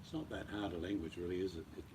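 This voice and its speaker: A man's voice: sits low, rapid-fire, a little mellow, a little hiss or hum. An Australian man chatting casually on a livestream, rambling and blunt, talking to viewers by name. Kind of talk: casual chat.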